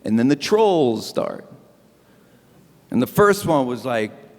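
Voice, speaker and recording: Man, stand-up host on a live stage: quick wisecracks, very animated melody. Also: medium pitch, big-room sound. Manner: animated, wisecracking, punchy delivery. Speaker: stand-up comedian hosting an event. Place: event stage before a live audience.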